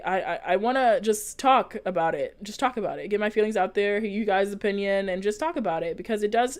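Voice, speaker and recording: Earnest young woman vlogging. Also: mid-range voice. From United States. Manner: rambling and earnest, with many fillers and restarts. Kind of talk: casual chat, reading and answering live comments.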